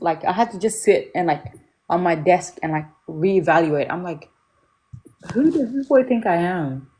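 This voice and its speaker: Young woman, fairly low voice, candid storyteller, casual parenting chat. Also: moderate pace, noisy background. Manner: candid, storytelling, acts out quotes. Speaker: mother talking about parenting.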